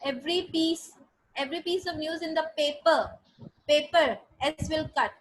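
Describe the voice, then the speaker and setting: A woman teaches a grammar class in a high, clear voice. She talks patiently, repeats each sentence and spells words out letter by letter. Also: moderate pace, rough recording. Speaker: English teacher. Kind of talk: online grammar lesson.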